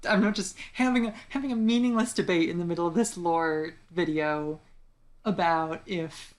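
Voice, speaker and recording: A woman's voice: fairly low pitch, normal speed. A young woman co-hosting a casual chat, rambling with many fillers and restarts. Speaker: podcast co-host.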